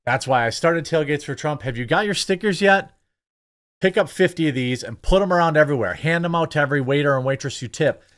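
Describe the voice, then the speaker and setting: A man hosting casual political commentary, talking in an animated, sarcastic way with lots of fillers. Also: fairly high pitch, fairly quick. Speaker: political commentator, channel host.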